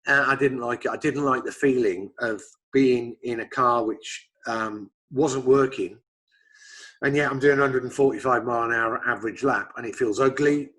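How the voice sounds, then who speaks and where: A middle-aged English man, a guest racing driver, telling stories in casual chat, animated and swearing freely. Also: mid-range voice, moderate pace, rough recording.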